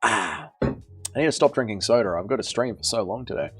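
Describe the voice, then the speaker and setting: A man's voice: on the low side, expressive, brisk, breathy edge, faint music behind. A man hosting a livestream, casually reading out chat with blunt, swearing jokes. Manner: joking, blunt, swears, trails off quietly. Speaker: livestream host.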